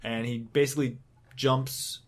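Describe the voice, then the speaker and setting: A man's voice: medium pitch, level tone, measured pace. A man casually recapping a comic book on a podcast, rambling, laughing and swearing as he goes. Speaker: podcast co-host.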